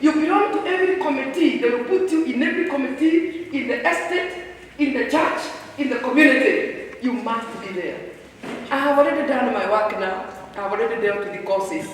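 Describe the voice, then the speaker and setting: Animated woman lecturing a hall. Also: high-pitched, fairly quick, a little hiss or hum. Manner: animated, teasing, quizzes the audience. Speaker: speaker at a staff retreat. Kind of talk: lively motivational workshop talk. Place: large hall with an audience. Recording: echoey hall, distant mic.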